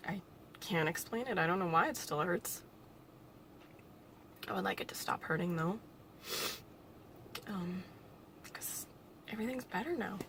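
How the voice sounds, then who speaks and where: A young woman vlogging alone, talking in a halting, reflective way with nervous little laughs, emotional and close to tears. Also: lowish voice, noisy background. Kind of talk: personal vlog monologue.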